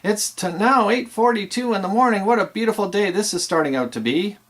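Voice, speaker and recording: A man's voice: high-pitched, a little fast, voice pushed up. A man playing an enthusiastic DJ announcer who stretches his words into a big build-up. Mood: upbeat. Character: booming hyped-up male DJ announcer.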